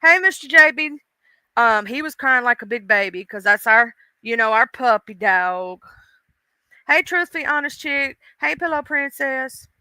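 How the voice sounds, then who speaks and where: A woman chats on her livestream, emotional and talkative as she greets viewers one by one. Her voice is very bright and smooth. It is recorded close and dry, with no room sound. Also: high-pitched, expressive, measured pace, no room sound. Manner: chatty, emotional, greets chat by name. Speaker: livestream host. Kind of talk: casual livestream chat.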